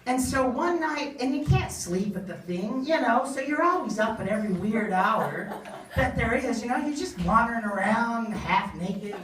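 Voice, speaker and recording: A woman's voice: on the high side, animated, moderate pace. A woman doing a stand-up comedy routine in a small venue, rambling and self-deprecating as she tells stories. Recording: echoey club, distant mic, crowd.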